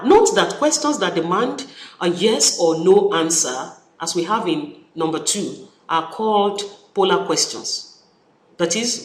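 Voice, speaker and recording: In an echoey room, a university lecturer with a Nigerian English accent delivers a recorded study-session lecture in a mid-range voice. He is animated, repeating key phrases and acting out example sentences.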